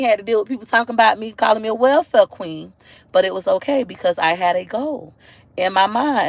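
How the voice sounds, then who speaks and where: Animated woman w/ african american accent chatting on her livestream, loose and talky, does mocking high voices sometimes. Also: no room sound. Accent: African American English. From Tampa, Florida. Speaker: livestream host. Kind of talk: casual livestream chat.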